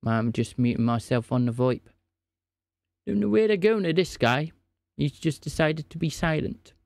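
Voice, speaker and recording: A man's voice: fairly high pitch, animated, normal speed, creaky, a little mellow, no echo, studio quality. A man live-streaming a scambaiting call, teasing and playing mock-innocent. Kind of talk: live scam-call banter.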